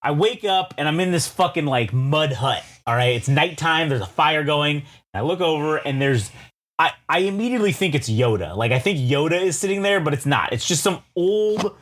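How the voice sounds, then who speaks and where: A male podcast co-host with a slightly high, very lively voice that swoops up and down as he spins a rambling tale. He swears freely and slips into the voices of the people in his story. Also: normal speed. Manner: animated, swearing, acts out characters in his story. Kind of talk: casual chat, storytelling.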